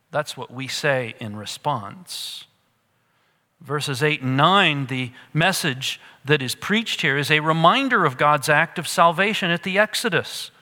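Man preaching, slightly high voice, gets loud then goes real quiet, echoey hall. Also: a little slow. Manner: animated preaching, drops to a hush for emphasis. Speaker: pastor. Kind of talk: sermon.

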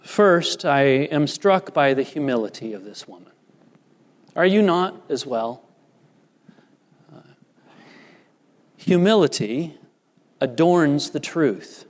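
A man preaching a sermon as a pastor, measured and deliberate, lifting his voice for emphasis. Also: fairly high pitch, animated. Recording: long reverb of a large hall.

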